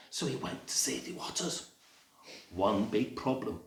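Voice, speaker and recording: A man telling a picture-book story to young children in a playful, animated way, with sound effects and asides to the listeners. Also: medium pitch, normal speed, creaky, reverberant. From England. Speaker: library storyteller.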